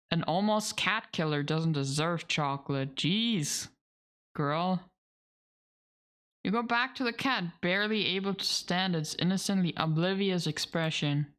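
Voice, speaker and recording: This woman's voice sits low with a fairly bright tone as she streams a game. She reads the narration out loud and responds with laughter and offhand swearing, let's play style.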